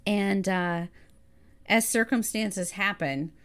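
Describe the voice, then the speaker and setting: A woman's voice: mid-range voice, slow, a bit bright, clean tone. A woman co-hosting a podcast, adding corrections and details to a casual film recap. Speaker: podcast co-host. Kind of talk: casual movie recap chat.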